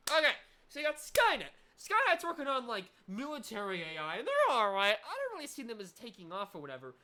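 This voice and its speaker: A young woman streaming a game with loud, rambling, sweary, excitable commentary. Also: on the high side, a little fast, few pauses. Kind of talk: let's play commentary.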